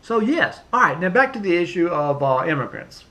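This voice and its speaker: A man, pitched a little high for a man, delivers a political rant to camera. He talks emphatically and repeats phrases, stumbling through fillers and restarts. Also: sing-song, a little fast, pushed and bright. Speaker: vlogger.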